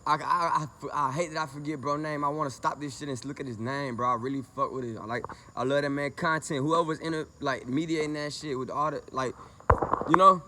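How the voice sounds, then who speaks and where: Angry high-voiced man ranting. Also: steady tone, fairly quick, bright, forceful tone, a little hiss or hum. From Lake Charles, Louisiana, US. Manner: confrontational, profane, repetitive. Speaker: vlogger. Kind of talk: heated rant to camera.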